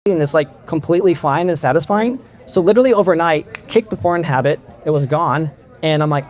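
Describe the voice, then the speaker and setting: A man's voice: on the high side, brisk, darkish tone. Candid middle-aged man telling his story. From California. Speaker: convention speaker. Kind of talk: personal talk to an audience.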